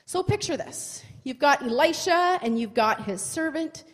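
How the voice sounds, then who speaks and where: Woman Bible teacher, high bright voice, very animated, chatty, long hall echo. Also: measured pace. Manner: chatty, expressive, asks the listener questions.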